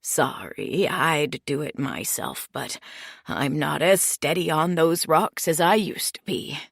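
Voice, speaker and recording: A man's voice: on the high side, takes it slowly, gravelly, a bit bright, slightly rough, no echo, studio quality, exaggerated voice. A woman voicing an old man in his late seventies, nasal and helpful, in an audiobook.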